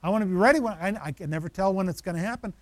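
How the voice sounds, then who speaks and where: Animated high-voiced male pastor. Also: rapid-fire. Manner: animated, conversational with asides to the audience. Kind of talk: sermon.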